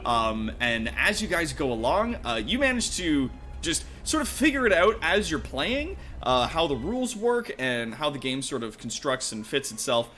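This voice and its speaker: A man's voice: fairly high pitch, moderate pace, hardly any pauses, slight background noise. A man running a tabletop game as game master, narrating with lots of fillers and laughter. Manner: animated, laughing, filler-heavy.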